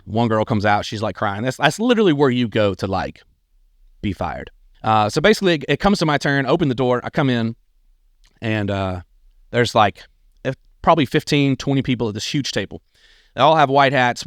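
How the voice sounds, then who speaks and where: A man, telling his own life story on a podcast in an earnest, animated way. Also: mid-range voice, dry recording, clean studio sound. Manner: earnest, animated, acts out quoted people. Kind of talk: casual personal storytelling.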